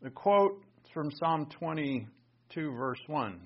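A man's voice: on the high side, lively intonation, slow, lo-fi sound. A man teaching the Bible in an emphatic, conversational way, thinking aloud and restarting his sentences.

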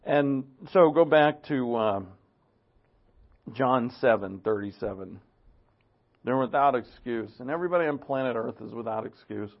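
Gravelly-voiced man preaching a sermon. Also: mid-range voice, moderate pace. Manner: earnest, conversational preaching with frequent throat-clearing. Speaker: pastor. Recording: dull lo-fi recording.

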